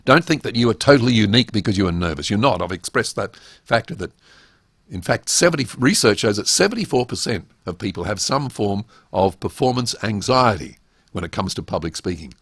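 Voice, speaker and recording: Gravelly-voiced man coaching public speaking. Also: fairly low pitch, fairly quick, dry recording, studio quality. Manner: emphatic, rhetorical questions, animated delivery. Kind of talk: webinar lecture.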